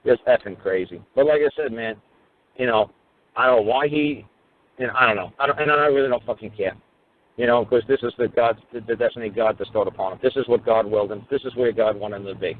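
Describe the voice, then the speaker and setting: A rather low-voiced man tells a story in loose, conversational talk, blunt and heavy with profanity. His voice comes through a thin, phone-like line. He drives his points home with repeated asides. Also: brisk. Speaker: common-law teacher. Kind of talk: casual storytelling talk on a radio call. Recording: phone-like narrow sound.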